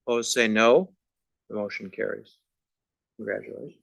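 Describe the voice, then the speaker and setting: A man chairing a formal board meeting, running the votes in a relaxed, procedural way. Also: on the low side, normal speed, creaky, husky, dry recording, poor audio.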